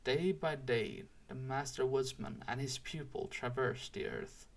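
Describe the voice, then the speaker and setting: A man reading a storybook aloud in a slow, deliberate and expressive way. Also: mid-range voice, creaky. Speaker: audiobook reader. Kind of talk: storybook read-aloud narration.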